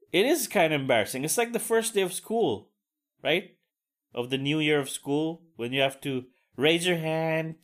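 A man's voice: on the high side, lively intonation, normal speed. A man in his forties hosting a podcast, talking in a casual monologue and ranting sardonically with plenty of swearing. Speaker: podcast host.

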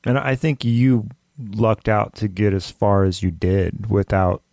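A man's voice: on the low side, little pitch movement, a little slow, creaky, a little mellow, no echo, studio quality. A man hosting a podcast interview, reflecting on and summing up his guest's story. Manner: reflective, sums up the guest's points. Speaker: podcast host. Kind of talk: interview conversation.

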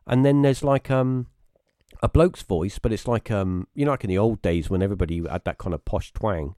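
A British guest on a live stream tells rambling personal stories in a casual way, speaking fairly quickly in a dark tone. He keeps restarting and suddenly goes high-pitched when acting out what people said. The recording is dry, with clean studio sound.

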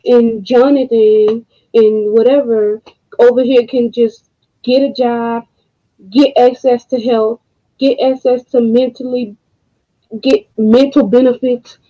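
A woman hosting a podcast, speaking in a casual monologue, emotional and frustrated, with slow deliberate pauses. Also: on the high side, fairly even intonation. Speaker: podcast host. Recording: dull lo-fi audio.

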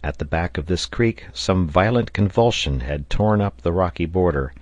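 Male audiobook narrator, steady reading, low voice, dry close recording. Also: moderate pace, no room sound, lo-fi sound. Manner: steady, even-paced reading.

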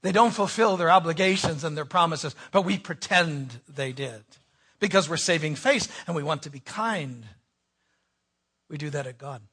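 A man preaching a sermon, reading scripture dramatically, swinging from hushed asides to shouted pleas. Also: on the high side, moderate pace, husky.

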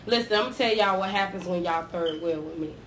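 A woman co-hosting a casual drinking podcast, loud, playful and profane. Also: lowish voice, fast talker, roomy sound, a little hiss or hum. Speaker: podcast co-host.

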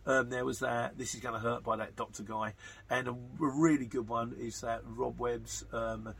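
A man's voice: mid-range voice, little pitch movement, normal speed, vocal fry, a bit bright, slight background noise. A man hosting a podcast, chatting casually and rambling through listener messages with plenty of fillers. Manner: chatty, rambling, matter-of-fact with frequent fillers. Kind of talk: casual chat.

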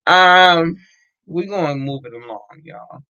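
A man hosts a loose, chatty podcast livestream, wandering from thought to thought and filling pauses as he goes. He swears freely and keeps calling to his listeners directly. The recording is dry and a little dull. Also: mid-range voice, bright, forceful tone, no room sound. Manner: rambling, profane, many fillers, addresses listeners as y'all. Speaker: podcast host. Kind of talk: casual livestream chat.

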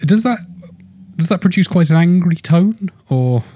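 Jokey podcast host, dry sound. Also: male voice, moderate pace, dry recording. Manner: jokey, animated, rising pitch when excited. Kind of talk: casual podcast chat.

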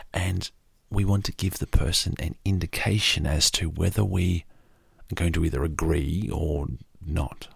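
An Australian man hosting a sleep podcast, talking slowly and softly, often dropping to a half-whisper. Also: low voice, vocal fry, slightly rough, dry recording. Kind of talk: soft-spoken sleep podcast talk.

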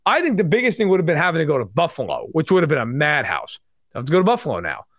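A man with a New York accent talks fast and animatedly, his pitch jumping around as he riffs on football and road trips. The sound is dry and close. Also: no room sound. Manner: fast, animated, self-deprecating banter. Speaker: sports analyst guest. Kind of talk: casual sports talk.

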